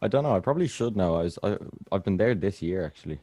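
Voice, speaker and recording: A man's voice: deep voice, animated, quick pace, mellow, no room sound, soft background music. A young Irish man hosting a podcast in casual chat, easygoing and hesitant, often restarting his sentences. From Ireland. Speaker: podcast host.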